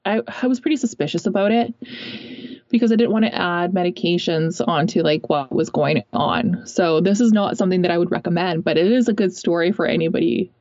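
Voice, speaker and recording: A woman's voice: lowish voice, fairly quick, darkish tone, no room sound. A young woman telling a personal story in a casual, rambling way, full of fillers. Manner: chatty, rambling, many fillers. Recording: dull lo-fi recording.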